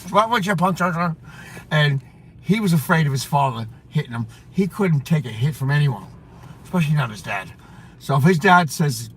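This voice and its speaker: High, animated man rambling in a car. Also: a little fast, slightly rough. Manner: rambling, repeats himself, laughs at his own story. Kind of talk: casual storytelling chat.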